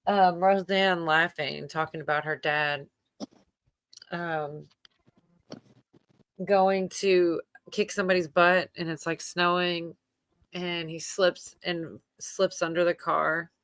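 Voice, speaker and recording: A woman's voice: on the low side, steady tone, slow pace, a bit bright, smooth. A woman hosting a livestream in casual chat, rambling with many fillers and laughing often as she talks. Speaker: livestream host.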